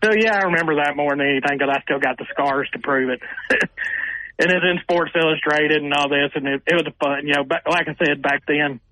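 An older man, a sportswriter telling animated stories as a radio guest and acting out what people said. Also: a little high, brisk, dry recording, rough recording. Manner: animated storyteller who acts out quotes with raised voices. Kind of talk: radio interview storytelling.

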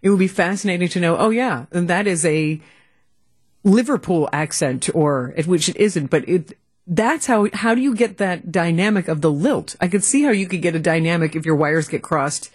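A woman's voice: fairly low pitch, animated, normal speed, darkish tone, husky. A woman co-hosting a radio talk show, chatting casually and animatedly with many restarts. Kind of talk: casual chat.

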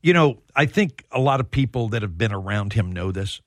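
A man who is a sports broadcaster, telling stories as a guest on a radio show, animated and full of restarts. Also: fairly low pitch, a little fast, no echo, studio quality. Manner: animated storyteller, stumbling restarts. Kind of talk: casual sports radio chat.

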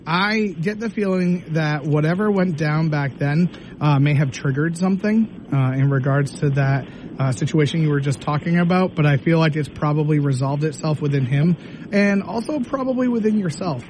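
A man doing a tarot reading on a radio show, asking gentle, probing questions. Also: fairly high pitch, moderate pace, background noise. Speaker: tarot reader.

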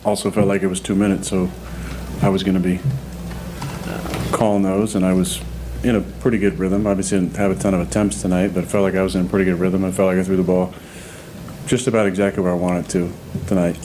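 Flat low-voiced quarterback. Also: male voice, quick pace, background noise. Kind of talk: post-game press conference answer.

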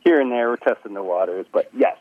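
A man's voice: mid-range voice, lively intonation, fast, phone-quality sound, a crowd in the background. A man from a forest preserve district guesting on a radio show, friendly and a little hesitant. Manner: friendly, hesitant, repeats words. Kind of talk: radio interview.

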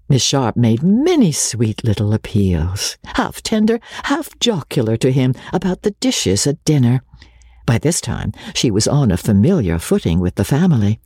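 A man narrating a classic novel in a breathy voice, often sinking to a near-whisper. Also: mid-range voice, wildly swooping pitch, normal speed, a little mellow, no echo, clean studio sound. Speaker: audiobook narrator. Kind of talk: storybook narration.

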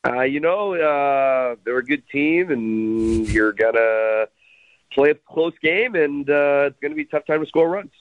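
A man doing an impression of a baseball manager, giving flat, noncommittal cliché answers over a phone line. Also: medium pitch, measured pace, no echo, lightly acted. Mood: deadpan.

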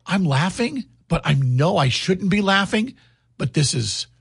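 Brief: middle-aged male radio host, husky gravel, dry studio close-mic, lively storyteller. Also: sits high, a little slow, no echo. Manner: animated storyteller. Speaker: radio morning show host. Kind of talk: morning radio chat. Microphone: studio microphone.

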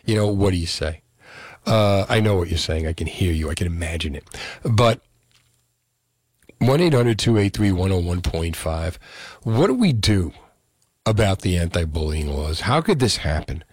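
A man's voice: low voice, expressive, moderate pace, long pauses, a little mellow, no echo, clean studio sound. A male radio talk show host, delivering an indignant call-in monologue full of rhetorical questions.

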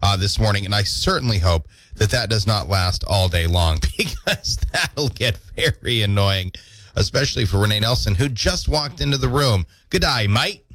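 A man's voice: lowish voice, expressive, moderate pace, a bit bright. Playful man hosting morning radio. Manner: playful, jokey, self-mocking. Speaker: radio morning show host. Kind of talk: casual on-air banter. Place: radio studio. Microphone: studio microphone.

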